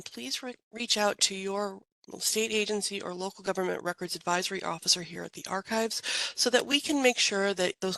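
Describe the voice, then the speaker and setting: A woman's voice: medium pitch, fairly bright tone, dry recording, poor audio. Upbeat woman moderating a webinar.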